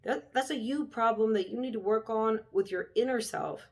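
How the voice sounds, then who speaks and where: A woman's voice: fairly high pitch, moderate pace, darkish tone. A young adult woman vlogging, ranting bluntly and heatedly in a casual, profane way. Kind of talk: casual rant to camera.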